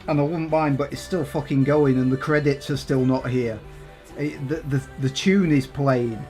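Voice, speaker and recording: A man's voice: medium pitch, fairly even intonation, normal speed, a little mellow, soft background music. A man doing casual, exasperated game commentary with plenty of swearing. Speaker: gaming YouTuber.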